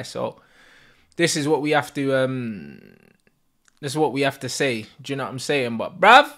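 A young man with a London accent, reacting live to a football match as a fan streamer, excitable and full of slang and swearing, yelling at the plays. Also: fairly high pitch.

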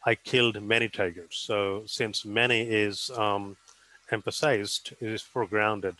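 A man's voice: on the low side, level tone, a little slow, pushed and bright, poor audio. A man giving an academic conference presentation, explaining carefully with frequent um and uh fillers.

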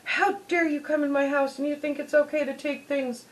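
A woman acting out an angry father scolding a child, voice pitched up high and rushing along. the words tumble out fast and sharp while she tells the story. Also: steady tone, close to an everyday voice, rough recording.

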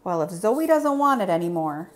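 A woman's voice: lowish voice, sing-song, normal speed. A woman voicing a grouchy trash-can monster who grumbles, in a storybook read-aloud. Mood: grumpy. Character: grumpy green trash-can monster, gruff.

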